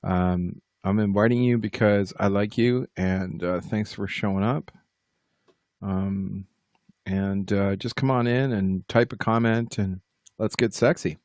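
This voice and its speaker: He's a livestream host and musician chatting from home in a rambling, self-deprecating way, speaking directly to the chat. The voice is fairly low and darkish, with fairly even intonation and a slightly slow pace, captured in clean studio sound with no room echo.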